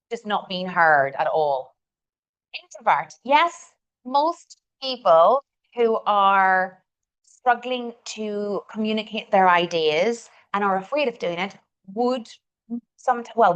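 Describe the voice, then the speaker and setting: A woman's voice: mid-range voice, lo-fi sound. A middle-aged woman with a Northern Irish accent, leading a live communication coaching session in an encouraging way and repeating words for emphasis.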